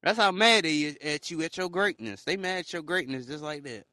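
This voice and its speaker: A young man riffs through a casual motivational monologue, joking and laughing as he mocks the haters. His voice sits a little high and sounds bright and forward. The recording is dry and close. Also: fairly quick, dry recording. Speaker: podcast host.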